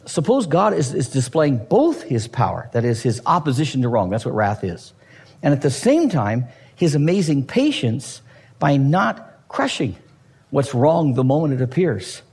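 A man's voice: mid-range voice, big pitch swings, moderate pace, darkish tone, slightly rough, long reverb tail. A man preaching a sermon with humor and energy, acting out the voices of Bible figures as he explains the scripture. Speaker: pastor.

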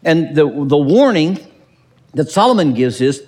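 A man preaching a sermon as pastor, animated and acting out quotes with dry humor. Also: on the high side, unhurried, long reverb tail.

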